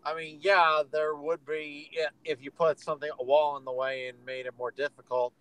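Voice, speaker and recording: A man's voice: a little high, level tone, moderate pace, a bit bright, smooth, no room sound, low-quality recording. A man joining a casual podcast as a guest, making dry sarcastic jokes. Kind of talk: casual chat.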